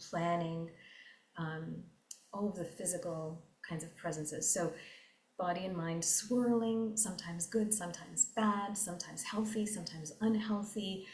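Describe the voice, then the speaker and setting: A woman's voice: lowish voice, a little mellow. Earnest woman in a roomy space. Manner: earnest, repetitive, slows down for emphasis. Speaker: meditation teacher. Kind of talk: reflective talk on meditation teachings.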